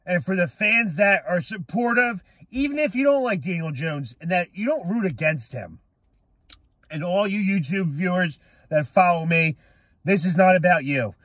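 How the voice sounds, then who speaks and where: An angry young man ranting as a sports fan, swearing hard and often breaking into shouts. His voice sits high for a man. The sound is dry and close, with no room around it. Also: no echo. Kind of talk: profane rant to camera.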